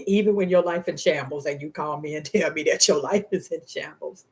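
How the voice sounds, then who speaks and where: A woman giving a live tarot reading in a casual, slangy way, speaking warmly to the viewer and to spirit guides, often breaking into laughter. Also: sits low, normal speed. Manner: heartfelt, often laughing between words. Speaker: tarot reader.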